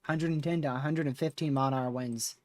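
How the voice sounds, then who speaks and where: A man's voice: mid-range voice, fairly even intonation, fast, no echo. A man hosting a live severe-weather stream, talking casually with viewers while reading radar, his voice starting to wear out. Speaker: livestream host.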